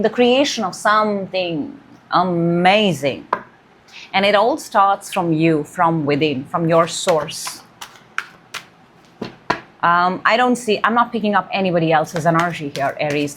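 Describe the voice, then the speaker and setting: A woman's voice: fairly low pitch, background noise. A woman giving a weekly tarot reading, musing and intuitive, drawing out key words. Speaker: tarot reader.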